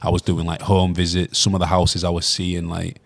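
Man, deep voice, dry close sound, earnest rambling chat. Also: monotone, normal speed, creaky, dry recording. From Hull, England. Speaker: guest, rapper and former teacher. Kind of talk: casual interview chat.

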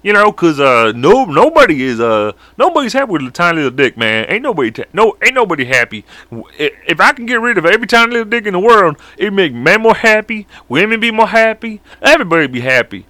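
A man putting on a cheery, self-righteous vigilante killer who is sure he is the hero. The voice sits well above a normal pitch, lively and bright. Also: fast talker, no echo, full character voice. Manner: earnest, self-righteous, raised voice. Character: cheerful male superhero serial killer.

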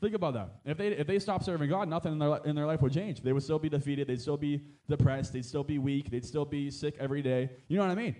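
Fast-talking pastor preaching a sermon. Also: male voice, a little high, steady tone, mellow. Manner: conversational preaching with frequent amens and asides; rises to emphatic exhortation.

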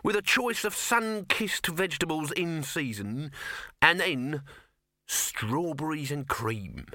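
A smooth, wheedling street hustler who sells every line, as a man puts him on. The voice is bright and dry. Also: on the high side, lively intonation, takes it slowly, no room sound, voice pushed up, heavily acted. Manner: slick, wheedling salesman patter.

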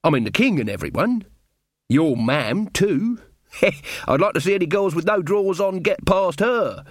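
A man's voice: sits high, animated, moderate pace, no room sound, studio quality, voice pushed up. A man doing Carter, a gossipy country villager. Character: male village carter, gossipy rustic amateur actor.

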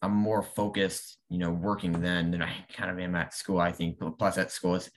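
A teenage boy talks casually as an interview guest. His voice sits a little low for his age, and he speaks animatedly, often putting on the voices of people in his stories. He laughs readily as he goes. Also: little pitch movement, normal speed, slight background noise. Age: late teens. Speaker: guest, young author.

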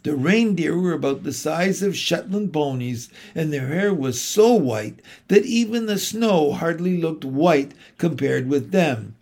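A man reading a storybook aloud in a slow, measured and expressive way. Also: fairly high pitch, vocal fry. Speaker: narrator.

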